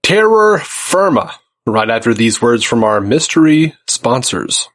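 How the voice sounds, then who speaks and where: A man's voice: mid-range voice, sing-song, unhurried, fairly bright tone, soft background music. A man putting on a shifting, vaguely Transylvanian accent, half German and half British, for a theatrical podcast intro.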